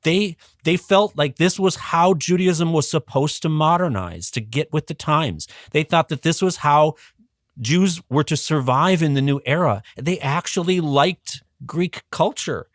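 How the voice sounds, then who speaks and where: A man's voice: a little high, unhurried, no echo, clean studio sound. A man as a guest educator, explaining history in a casual, conversational way with frequent ums and restarts.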